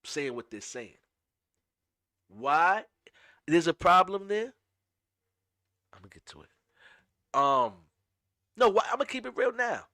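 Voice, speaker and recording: A man's voice: sits high, very animated, unhurried, long pauses, sharp tone, no echo. A man from upstate New York hosting a casual commentary, talking emphatically with many restarts, close to a dry mic. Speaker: host.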